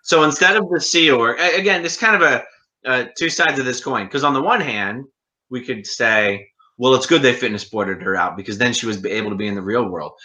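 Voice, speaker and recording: A man's voice: mid-range voice, fairly quick, pushed and bright. A man hosting a casual conversation, giving reflective, analytical commentary. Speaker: host.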